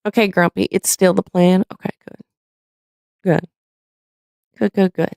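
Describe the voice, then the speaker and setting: A woman's voice: mid-range voice, level tone, measured pace, a little mellow, no echo, clean studio sound. A woman hosting a live stream, chatting casually, rambling with lots of fillers and reading viewer comments aloud.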